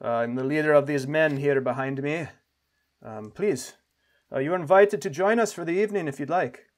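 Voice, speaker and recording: A courteous, welcoming caravan leader, put on by a man who speaks a touch higher than usual and with some lift. He is polite and hesitant, dotting his invitations with little fillers, as in a tabletop game. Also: normal speed, natural voice. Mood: hospitable.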